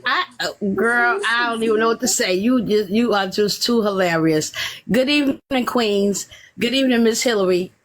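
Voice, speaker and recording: Woman, middle-aged, caller, laughing storyteller, fairly high voice. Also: normal speed. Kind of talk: casual phone-in chat.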